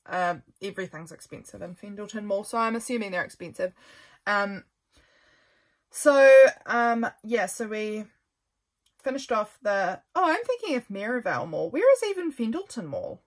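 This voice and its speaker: A woman's voice: medium pitch, a bit bright. Chatty New woman rambling casually. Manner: chatty, rambling, self-correcting. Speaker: journaling vlogger. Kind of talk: casual chatty flip-through.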